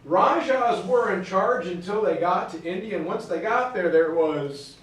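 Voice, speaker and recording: A male teacher giving a jokey, animated history lecture in a classroom, picked up by a distant camera mic. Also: high voice, measured pace. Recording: echoey classroom from far off.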